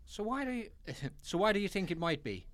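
A man's voice: high voice, very animated, a little fast, fairly bright tone, no echo, voice pushed up. A man voicing an impatient, grumpy male hitman in a comic script read-through. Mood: exasperated. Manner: blunt, exasperated line reading.

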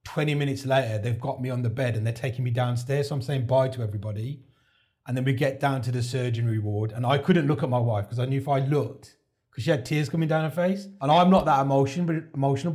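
A man's voice: medium pitch, quick pace, darkish tone. Chatty man telling his story. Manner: chatty, relives events by acting out quoted dialogue. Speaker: podcast guest, heart transplant recipient. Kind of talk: casual interview storytelling.

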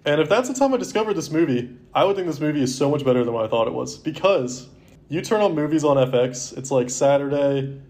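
A man's voice: on the high side, lively intonation, quick pace, darkish tone. Rambling young man who says "like" a lot. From Baltimore area, US. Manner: rambling, heavy use of "like". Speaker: podcast co-host. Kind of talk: casual chat.

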